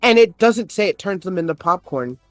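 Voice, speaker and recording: A man's voice: high voice, animated, fairly quick, no echo, faint music behind. A man on a podcast, casually telling a story, swearing often and getting worked up as he retells an argument. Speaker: podcast host. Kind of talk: casual chat.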